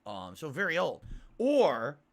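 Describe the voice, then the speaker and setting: A man's voice: a little high, huge pitch swings, slow pace. A man streaming and complaining as he rambles, often restarting his sentences.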